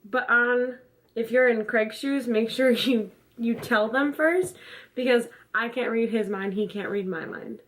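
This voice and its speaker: A woman's voice: fairly high pitch, measured pace, fairly bright tone. Young woman vlogging casually. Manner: chatty, laughs often. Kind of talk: casual chat.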